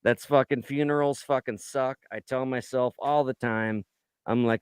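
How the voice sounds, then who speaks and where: A man's voice: mid-range voice, moderate pace, clear, resonant tone, no room sound. A man hosting a casual true-crime podcast, reading out a case and riffing on it with heavy swearing and jokes. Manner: swears a lot, joking and animated. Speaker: podcast host.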